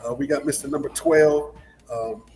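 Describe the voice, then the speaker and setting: Halting, rambling man talking sports. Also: medium pitch, fairly even intonation, darkish tone, soft background music, poor audio. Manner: rambling, repeats words, halting restarts. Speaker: sports talk show co-host. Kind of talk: casual sports chat.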